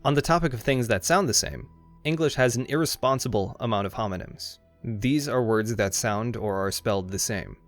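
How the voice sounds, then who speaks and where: A man's voice: medium pitch, normal speed. Sarcastic, swearing man narrating a video essay. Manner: irreverent, sarcastic, swears freely. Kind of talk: scripted comedic narration. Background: faint background music.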